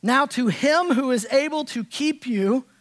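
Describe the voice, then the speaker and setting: Male pastor, high voice, conversational sermon, shifts between hushed and loud delivery. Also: a little slow. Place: church sanctuary.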